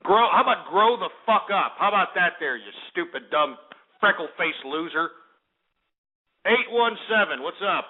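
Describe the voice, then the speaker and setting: Abrasive male radio host who rants at callers; high, lively pitch; tinny phone-line audio. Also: moderate pace. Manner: abrasive, ranting, insults callers. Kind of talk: call-in radio show.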